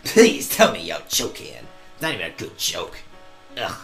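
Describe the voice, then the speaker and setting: A let's play host reading game text aloud and mocking it sarcastically, swearing and yelling back at the characters. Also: mid-range voice, huge pitch swings, moderate pace, over music.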